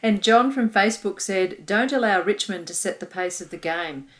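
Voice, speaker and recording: A woman's voice: medium pitch, normal speed. A woman with an Australian accent co-hosting a sports podcast, reading listener comments with enthusiasm. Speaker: podcast co-host. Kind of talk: casual sports chat.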